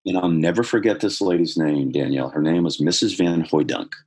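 A middle-aged man with a husky voice, earnestly telling a personal story in conversation, growing more animated as he goes. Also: deep voice, fairly quick. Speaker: guest telling his life story.

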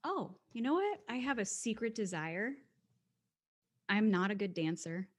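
A woman's voice: medium pitch, big pitch swings, a little slow. Blunt woman in her forties. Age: 40s. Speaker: podcast guest. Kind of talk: casual interview chat.

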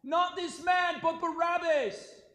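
A man reading the lines of an angry crowd in a church scripture reading, with loud, shouted demands. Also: high voice, a little slow. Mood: shouting. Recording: echoey church sanctuary, from far off.

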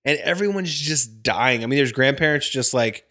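A man's voice: mid-range voice, expressive, moderate pace, bright, forceful tone. A man co-hosting a casual podcast, a wedding photographer who chimes in chattily and laughs along.

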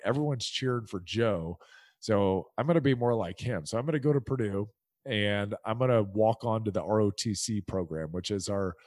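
A middle-aged man from the United States, a former football player telling his story as a guest in a casual podcast interview, acting out the people he quotes with lively energy. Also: lowish voice, no echo.

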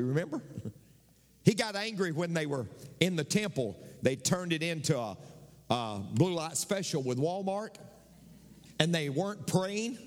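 Emphatic preacher, ringing hall. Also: male voice, high-pitched. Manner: emphatic, repeats key phrases, tells jokes, questioning the audience with "Amen?". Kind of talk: sermon. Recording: long reverb of a large hall.

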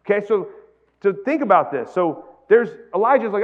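A man's voice: high voice, very animated, normal speed, phone-quality sound. A male pastor giving a sermon, talking casually with the congregation and rising to emphatic peaks. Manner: conversational preaching, builds to emphatic peaks.

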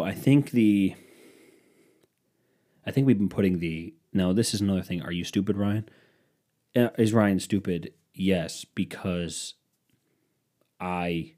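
With a fairly low, slightly mellow voice, a young solo podcaster rambles through casual stories full of swearing and scattered thoughts. He mimics others mockingly whenever he quotes them.

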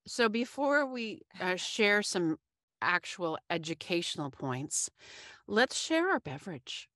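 A woman co-hosts a podcast in easy, teasing chat, laughing often. Her voice sits a little low and sounds dry and close to the mic. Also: sing-song, measured pace, sharp tone, no echo. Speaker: podcast co-host. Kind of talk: casual chat.

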